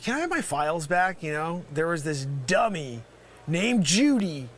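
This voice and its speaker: A man playing a brash male scam caller posing as a tech company, yelling insults and swinging from loud to mumbled. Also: a little high, sing-song, normal speed, a little hiss or hum. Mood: deflated. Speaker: comedy sketch performer. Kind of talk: improvised comedy sketch.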